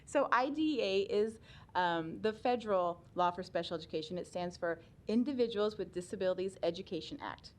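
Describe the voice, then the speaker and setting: At a legislative hearing, a middle-aged woman with a fairly low-pitched voice explains special education rules. Her testimony is conversational and chatty, with frequent laughs and fillers.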